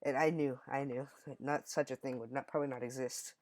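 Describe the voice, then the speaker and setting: A man's voice: medium pitch, steady tone, a little fast, darkish tone. A young man telling a childhood story in a casual, rambling way, often correcting himself mid-sentence. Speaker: storyteller vlogger.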